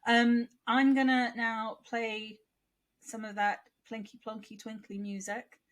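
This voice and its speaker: Woman podcast co-host, slightly high voice, rambling chatty delivery, lingering cough. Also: flat delivery, takes it slowly. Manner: chatty, rambling, asks questions aloud. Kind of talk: casual chat.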